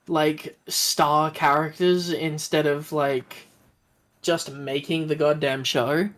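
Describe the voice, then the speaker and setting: A man's voice: on the high side, little pitch movement, slow pace, fairly bright tone. An Australian man chatting casually on a game stream, rambling with lots of fillers.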